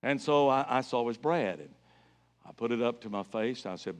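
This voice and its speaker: A middle-aged man preaching an evangelistic sermon as a guest evangelist in a church, telling stories with emphasis and building to loud exclamations. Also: medium pitch, moderate pace, pauses often. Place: church sanctuary.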